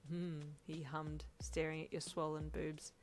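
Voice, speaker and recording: Low-voiced woman narrating a story. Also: steady tone, fairly quick. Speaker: fan fiction reader.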